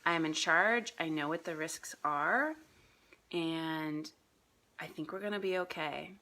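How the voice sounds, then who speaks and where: A woman voicing her calm, wise inner self, soothing and reassuring. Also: sits low, unhurried, exaggerated voice.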